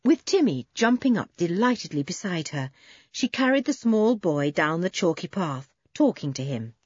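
A woman reads a children's adventure story aloud with a lively, animated lilt. Her voice is a little husky and the recording sounds dull and dry, as if made close to the mic in a small space. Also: on the low side, normal speed, dry recording. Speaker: audiobook narrator.

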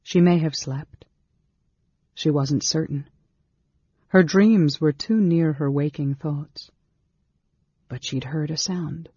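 Man reading a fantasy audiobook, gravelly husky voice, steady pace, dull dry lo-fi sound. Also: fairly high pitch, slow, pauses often, no room sound. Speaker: audiobook narrator. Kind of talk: scripted narration.

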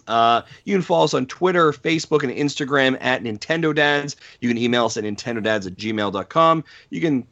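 A man hosting a podcast, wrapping up the show with shout-outs and plugs, upbeat with wry asides. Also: mid-range voice, creaky, muffled recording. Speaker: podcast host.

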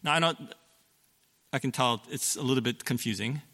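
Middle-aged male pastor, conversational sermon delivery, bright tone, church hall with a long echo. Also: medium pitch, moderate pace. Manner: conversational, explanatory, with fillers and self-corrections.

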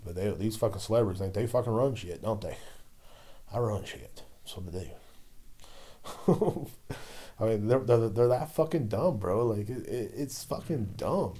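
A man's voice: on the low side, animated, a little slow, warm tone, husky. A man hosting his own podcast, ranting loosely with constant swearing while he drinks a beer. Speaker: podcast host. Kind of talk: profane solo podcast rant.

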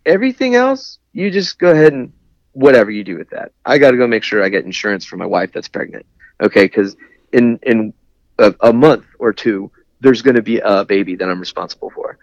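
A man with a low voice tells a personal story in a candid, wry way. The sound is dry and a little dull. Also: expressive, fairly quick, no echo. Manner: candid, wry, laughs at his own anger. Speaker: guest, Navy veteran. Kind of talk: conversational storytelling.

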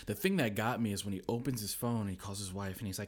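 A man's voice: on the low side, fast talker, few pauses. A young man, a podcast guest, telling a story in casual chat, acting out voices and laughing often.

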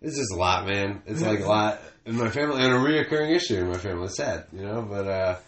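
A man's voice: fairly low pitch, expressive, fast talker. A man telling a rambling story on a casual podcast, swearing and trailing off often. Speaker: comedian podcast host. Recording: echoey room with faint noise.

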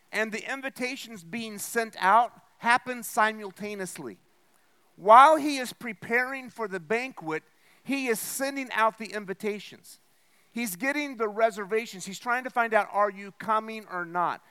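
Male pastor, high bright voice, sermon to a congregation, keeps checking they follow. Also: clean tone. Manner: explains with repeated "okay?" and "right?" checks; acts out the host's lines with a raised voice. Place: church.

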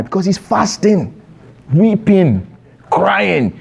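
A man's voice: sits high, sing-song, slow pace, vocal fry, darkish tone, breathy edge. Man preaching a call-and-response sermon. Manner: call-and-response preaching, rhetorical questions to congregation.

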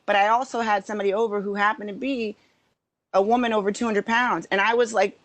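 A woman guesting on a casual comedic podcast, giggly and animated as she tells stories. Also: mid-range voice, fast, no room sound.

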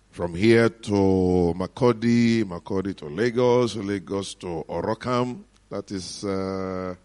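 A middle-aged man with a Nigerian accent, preaching and telling a testimony in an animated, joyful manner. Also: deep voice. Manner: animated storytelling with frequent laughs and hallelujahs. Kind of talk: sermon testimony.

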